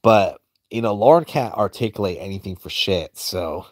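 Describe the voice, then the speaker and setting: A man's voice: on the low side, expressive, normal speed, no echo, studio quality. A man streaming and drawing as he comments in a crude, heavily profane, rambling way. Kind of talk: casual commentary while drawing.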